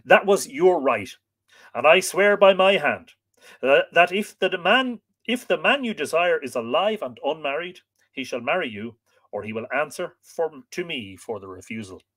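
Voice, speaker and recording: A man's voice: fairly high pitch, animated, normal speed, fairly bright tone. A man voicing a proud, fierce warrior chief, firm and declamatory. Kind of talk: dramatic storytelling reading.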